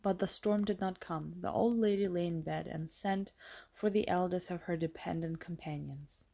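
A woman narrating an audiobook with a steady, measured reading. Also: lowish voice, gravelly.

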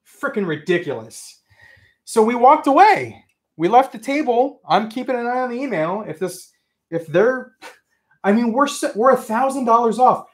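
Male livestream host, excitable and ranty, high lively voice. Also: moderate pace. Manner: excitable, ranting, says friggin' often. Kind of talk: casual livestream chat.

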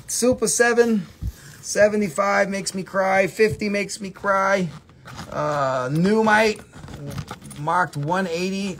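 A man runs a live sale stream from his phone indoors, reeling off prices one after another. His voice sits a touch high for a man, and he keeps up a loose, playful patter between items. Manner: chatty, rattles off prices, playful asides. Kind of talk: casual live-stream selling. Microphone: phone camera.

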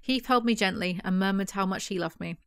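A woman's voice: medium pitch, brisk, clear, resonant tone, no room sound, studio quality. A woman doing a casual book review, reading passages aloud and breaking in with sarcastic, mocking asides.

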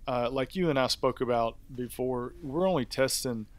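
A man's voice: medium pitch, normal speed. A man co-hosting a review podcast, talking in an easygoing, rambling way with many fillers. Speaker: podcast co-host. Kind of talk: casual review chat.

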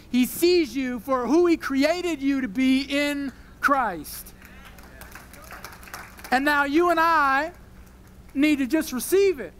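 High-voiced young man preaching. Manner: animated, emotional preaching that drops to a soft prayer. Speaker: pastor. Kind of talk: sermon. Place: church worship service.

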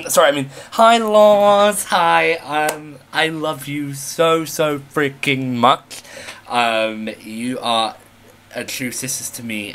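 A man's voice: mid-range voice, pushed and bright, slight background noise. A man recording a personal video message for a friend, playful and teasing, swearing casually between affectionate words.

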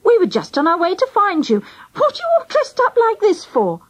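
A woman doing a high, amused mum. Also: wildly swooping pitch, fairly quick, full character voice. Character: fond middle-aged mother, amused. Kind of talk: storybook reading.

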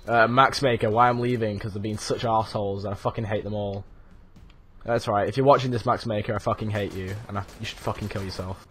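A man's voice: on the low side, steady tone, fast, a bit bright. A young man swearing and muttering while commenting on his own gameplay. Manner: frustrated, swears constantly, mutters to himself. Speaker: gaming YouTuber. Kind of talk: casual let's play commentary.

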